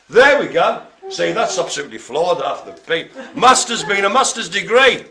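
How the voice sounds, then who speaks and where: A man's voice: high-pitched, sing-song, measured pace, bright, forceful tone. A man hosting a live bingo game, cracking puns, laughing often and rambling in chatty asides. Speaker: bingo host. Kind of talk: live-streamed bingo calling.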